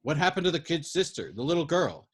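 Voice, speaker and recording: A man's voice: mid-range voice, animated, brisk, close to an everyday voice. A furious young soldier, voiced by a man reading aloud, who keeps pressing and demanding. His questions come out insistent and bitter in a storybook reading.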